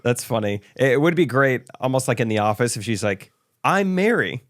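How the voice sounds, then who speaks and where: A man's voice: mid-range voice, brisk. A man co-hosting a casual podcast, laughing often and acting out the people in his stories. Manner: laughs often, animated with quoted voices. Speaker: podcast co-host. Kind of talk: casual chat.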